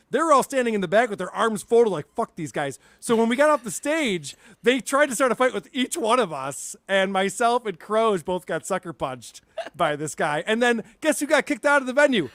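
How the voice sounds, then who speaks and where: A man's voice: sits high, fairly bright tone, no echo. A man, a podcast co-host on as a guest, chatting casually and laughing easily while he tells stories. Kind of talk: casual chat.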